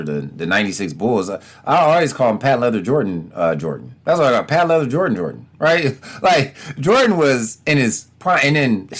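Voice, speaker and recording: A man hosting a sports podcast, talking casually in slangy, animated bursts, often laughing and mimicking other people. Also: mid-range voice. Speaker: podcast host.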